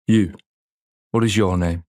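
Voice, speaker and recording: A stern army corporal with a low, flat, menacing bark, as an audiobook narrator puts him on. He speaks in curt, commanding orders, dry and close to the mic. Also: measured pace, no room sound.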